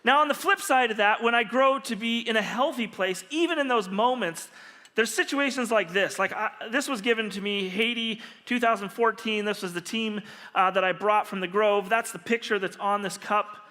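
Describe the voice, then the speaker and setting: A man preaching as a pastor, telling stories in an animated, humorous way. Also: high voice, moderate pace. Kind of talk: storytelling sermon. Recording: long reverb of a large hall.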